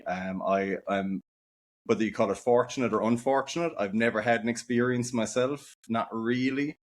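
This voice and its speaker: A man in his forties with an Irish accent, a guest author chatting casually and rambling with fillers in a podcast interview. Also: fairly low pitch. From Ireland.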